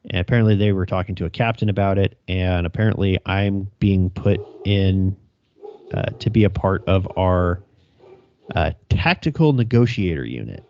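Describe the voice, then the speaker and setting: This young policeman speaks at a low pitch and normal speed while recounting a chase on a laid-back podcast. He laughs, curses, and mimics radio calls, all captured in a dry, dull lo-fi recording.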